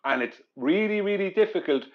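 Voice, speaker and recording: A man on a live-stream panel, explaining a point in a deliberate way. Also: high voice, expressive. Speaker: podcast panelist. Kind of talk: casual live-stream discussion. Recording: dull lo-fi mic.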